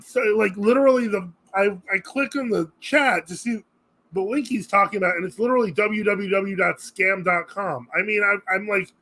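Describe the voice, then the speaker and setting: A man's voice: sits high, fairly bright tone, poor audio. A man hosting a live Q&A stream, chatting casually and reacting to viewer comments as he reads them aloud. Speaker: host of a live religious Q&A stream.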